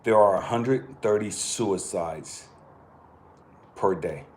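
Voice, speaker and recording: A man's voice: on the low side, slow pace, a little hiss or hum. Blunt, impassioned man from California. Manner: blunt, profane and impassioned, swinging from quiet to loud. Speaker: channel host. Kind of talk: personal monologue.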